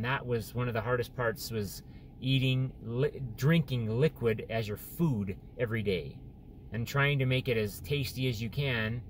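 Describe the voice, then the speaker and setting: A man recording a personal video diary about his surgery recovery, speaking haltingly with many restarts, depressed and close to tears. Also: medium pitch, a little hiss or hum. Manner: halting, many restarts and fillers, openly discouraged. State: depressed and tearful. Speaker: vlogger sharing surgery recovery. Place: in and around a store.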